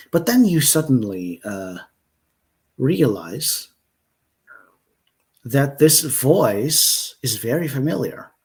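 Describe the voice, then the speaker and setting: A man leading an improvised collaborative story, talking slowly and hesitantly with many fillers. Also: mid-range voice, very animated, a little mellow.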